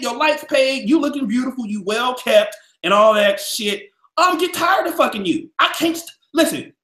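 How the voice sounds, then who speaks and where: A man ranting on a casual podcast, loud and crude, his pitch leaping all over as he boasts and shouts. The room around him is echoey and bare. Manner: loud, profane, boastful, swings from shouting to muttering. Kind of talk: heated casual podcast rant.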